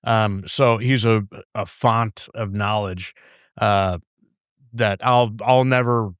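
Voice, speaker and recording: A man's voice: lowish voice, steady tone, slow, clean tone, no echo. A man in a podcast studio, guest telling casual, rambling stories, swearing freely and acting out other people's lines. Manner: rambling, laughs often, swears, acts out his boss's lines. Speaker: guest brewer. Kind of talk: casual storytelling chat. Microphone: studio microphone.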